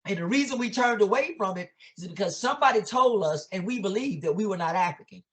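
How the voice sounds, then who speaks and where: A man's voice: high voice, lively intonation, quick pace, fairly bright tone. A man, an educator, speaking in an impassioned, preacher-like way, asking many rhetorical questions and using casual vernacular grammar. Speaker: educator guest. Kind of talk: impassioned conversational teaching.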